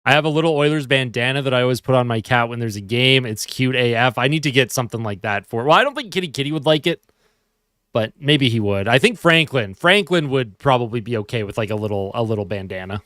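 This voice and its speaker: A man's voice: medium pitch, quick pace, a bit bright, no room sound. Sleepy man chatting in a dry room. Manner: chatty, reads and answers viewer comments. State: sleepy, yawning. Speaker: livestream host. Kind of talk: casual live fan commentary.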